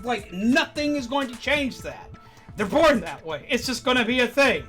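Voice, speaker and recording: Brief: woman streamer, high voice, profane casual rant, faint game music behind. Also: normal speed. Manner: animated, swearing, laughing ranting. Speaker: streamer host. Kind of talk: casual ranting chat.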